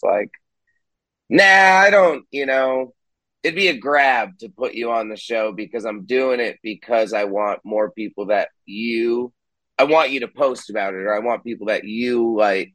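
A man's voice: lowish voice, a bit bright, no room sound, poor audio. A young man, a musician who also hosts a podcast, talking candidly on a video call. He swears freely and acts out the people he quotes. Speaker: podcast host and band musician, guest here. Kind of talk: casual podcast chat.

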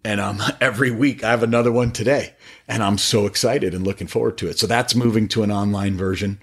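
A middle-aged man talking about faith on a podcast with eager, animated, preachy storytelling. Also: fairly low pitch, quick pace, breathy edge. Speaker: podcast guest, faith-based business owner. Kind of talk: casual podcast conversation.

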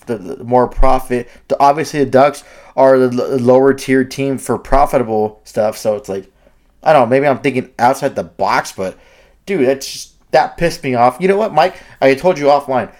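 Man, sports podcast co-host, excitable, swearing, rambling restarts, mid pitch. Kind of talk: heated sports talk.

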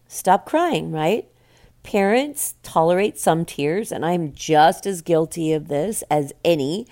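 A woman's voice: lowish voice, dark tone. A middle-aged woman hosting a reflective solo talk, speaking earnestly and conversationally and asking her listeners questions. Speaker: podcast host speaking to cancer survivors.

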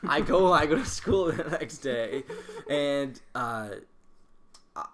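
A young man co-hosting a podcast, telling a story in an animated way, swearing freely and laughing as he talks. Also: fairly high pitch, takes it slowly, a little hiss or hum. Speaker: podcast co-host.

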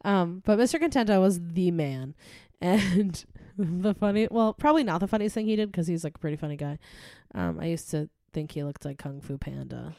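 A woman's voice: fairly low pitch, normal speed, hardly any pauses, a little mellow, dry recording, clean studio sound. A woman co-hosting a podcast, chatting casually, laughing often and telling stories with fillers. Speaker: podcast co-host; teacher. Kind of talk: casual chat.

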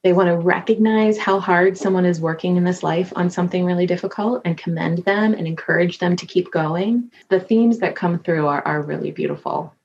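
A woman's voice: on the low side, a little fast, hardly any pauses, lo-fi sound, slight background noise. A woman working as a medium, telling stories in an interview and acting out voices as she goes. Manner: animated storyteller, acts out voices. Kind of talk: podcast interview.

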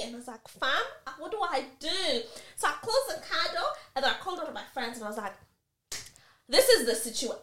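High, lively woman telling a dramatic story. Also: echoey room. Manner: dramatic, swearing, acts out quoted people. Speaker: podcast co-host. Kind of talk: casual chat, animated storytelling.

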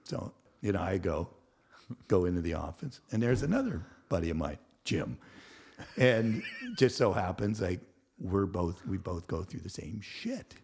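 Older guy with a gravelly, kinda husky low voice, telling a story and acting out the quotes, swears a lot. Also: unhurried. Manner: animated storyteller who acts out quotes, laughs and swears. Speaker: podcast guest. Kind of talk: storytelling in casual chat.

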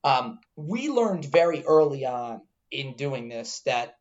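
A man's voice: mid-range voice, very animated, slow pace. Guy host going off about bad drink orders, mock-stern, muffled lo-fi audio. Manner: emphatic, mock-stern ranting. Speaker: bartender, podcast host. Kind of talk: casual podcast chat. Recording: dull lo-fi sound.

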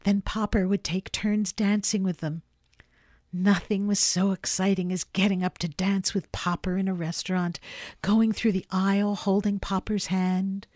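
A woman reading a story aloud with gentle, expressive narration. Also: mid-range voice, a little slow, no room sound, clean studio sound. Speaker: reader.

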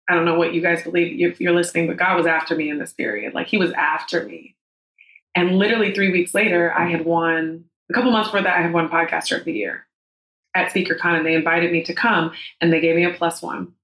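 A woman's voice: on the low side, brisk, a bit bright. A woman in her thirties telling a personal story as a podcast guest, candid and emotional, with frank swearing. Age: 30s. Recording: roomy echo.

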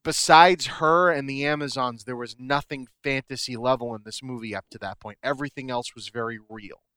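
A man's voice: medium pitch, a little fast, bright, forceful tone, clean tone, dry recording. A man co-hosting a casual film discussion, talking with enthusiasm and rambling with many fillers.

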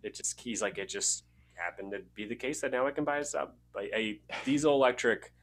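A man's voice: mid-range voice, fairly quick, a bit bright. A man co-hosting a casual podcast, rambling with many fillers and swearing. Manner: rambling, filler-heavy, profane. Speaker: podcast co-host.

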